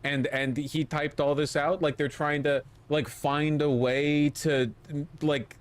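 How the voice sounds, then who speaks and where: A man's voice: a little high, little pitch movement, slow pace. Rambling, profane livestream host, a man. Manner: incredulous, profane, rambling with many "like"s. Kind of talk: casual political commentary.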